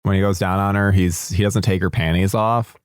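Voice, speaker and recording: Male podcast co-host, lowish voice, dry close mic, rambling casual talk. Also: steady tone, a little fast, clean tone, no room sound. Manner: rambling, restarts a lot, swears casually. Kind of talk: casual movie chat.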